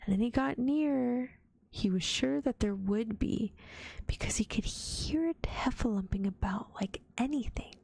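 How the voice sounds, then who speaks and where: A woman reading a children's storybook aloud in a gentle ASMR whisper. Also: fairly high pitch, measured pace, vocal fry, breathy edge. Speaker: vtuber storyteller.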